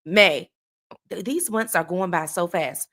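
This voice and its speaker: A woman hosting a relaxed live stream about a true crime case, talking straight to her viewers. She is chatty and loose, greeting people by name mid-sentence. She often tags her points with a quick "okay?" or "all right?". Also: on the low side. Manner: conversational, checks in with frequent "okay?" tags. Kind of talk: casual live-stream commentary.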